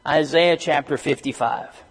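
Halting preacher in an echoing church. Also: male voice, fairly high pitch, slightly rough. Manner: halting, many restarts and fillers, rising to emphatic reading. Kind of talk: sermon.

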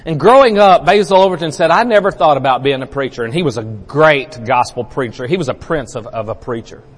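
A man's voice: medium pitch, lively intonation, a little fast, long reverb tail. A man preaching a sermon in a church, telling stories in a folksy way with many repeated words.

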